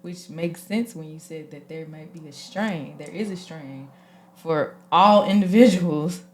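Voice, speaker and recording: Woman host, AAVE, lively and emotional, moves between hushed and loud. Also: low voice, a little slow, slight background noise. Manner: expressive, animated, swings from soft to loud. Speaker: podcast host. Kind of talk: casual, emotional conversation.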